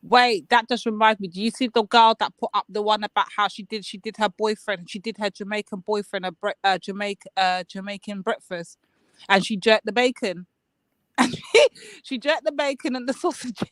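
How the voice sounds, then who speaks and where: A man's voice: high-pitched, moderate pace, a bit bright, dry recording. A man co-hosting a casual live stream, chatty and teasing.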